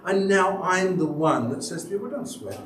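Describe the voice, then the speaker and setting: A man's voice: normal speed, a crowd in the background. A man, a church elder, preaching a sermon and telling stories that act out the people he quotes. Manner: storytelling, acts out quoted people with big pitch jumps. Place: church sanctuary. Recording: echoey church hall, mic at a distance.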